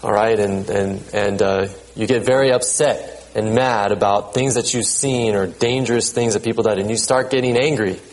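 Male pastor, relaxed sermon delivery, halting repeats, measured scripture reading. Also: fairly low pitch, rough recording. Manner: conversational, repeats words, checks in with "okay?"; reads scripture aloud in a measured cadence.

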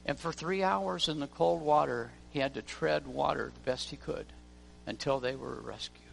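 A gravelly, slightly high voice at normal speed belongs to a pastor preaching in church, who narrates stories and acts out the characters' voices. Faint music plays beneath the long reverb of the church hall.

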